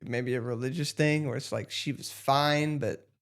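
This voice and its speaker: A man's voice: mid-range voice, fairly even intonation, normal speed, fairly bright tone. A man co-hosting a casual game podcast, easygoing and laid-back. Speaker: podcast co-host.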